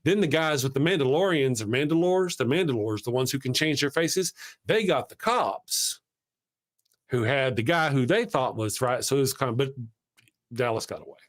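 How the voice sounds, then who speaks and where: A male host chatting casually on a live show, with a voice of ordinary, middling pitch. He talks eagerly and rambles as he retells movie scenes, jumping back to fix details. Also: expressive, moderate pace.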